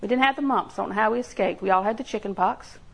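A woman's voice: mid-range voice, quick pace, gravelly, breathy edge, low-quality recording. An older woman preaching a sermon in a folksy storytelling way, acting out little quotes and laughing along. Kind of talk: sermon with homey stories.

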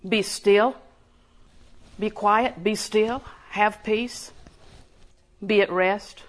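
A woman's voice: medium pitch, steady tone, extremely slow. A woman preaching a sermon in a conversational way, laughing often and building emphasis.

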